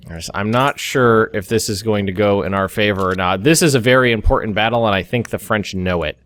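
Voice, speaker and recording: A man's voice: fairly low pitch, a little fast, a bit bright. An American young man hosting a let's play, thinking aloud through a strategy game with frequent restarts and asides. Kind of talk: casual gameplay commentary. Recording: faint music behind.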